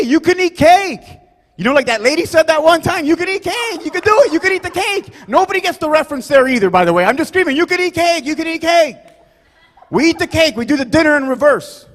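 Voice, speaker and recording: A man performing a rambling, loud stand-up set, forever adding "you guys" and "right?". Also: high-pitched, in a large hall. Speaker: stand-up comedian. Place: comedy club stage.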